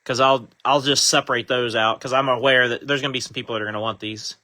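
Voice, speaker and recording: A man's voice: medium pitch, steady tone, fast talker, bright, forceful tone. A man hosting a live trading-card break, casually chatting while he reads out each card he pulls.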